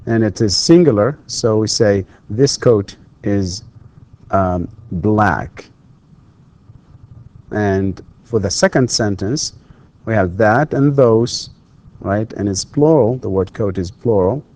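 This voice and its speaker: Slow, halting male English lecturer. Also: fairly low pitch, a little mellow. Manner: halting, many fillers and restarts. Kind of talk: university lecture. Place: lecture studio.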